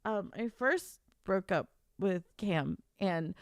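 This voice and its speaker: A woman's voice: medium pitch, animated, slow, dry recording, clean studio sound. A woman livestreaming, chatting emotionally and on the verge of tears, rambling and stammering through restarts. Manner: emotional, tearful, giddy rambling. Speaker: author and streamer. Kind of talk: casual livestream chat.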